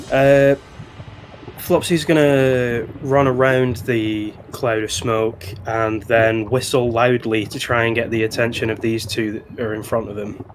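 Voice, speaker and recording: A man playing a tabletop game, unhurried and jokey as he describes his character's antics. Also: mid-range voice. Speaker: player. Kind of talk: tabletop game play, casual.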